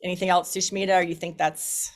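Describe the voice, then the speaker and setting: A woman with a fairly low voice opens an online discussion group. She talks in a loose, relaxed way, with plenty of hesitations and restarts, and she is heard over a video call. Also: a little fast. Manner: relaxed, many fillers and restarts. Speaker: group facilitator. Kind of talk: welcoming group introduction.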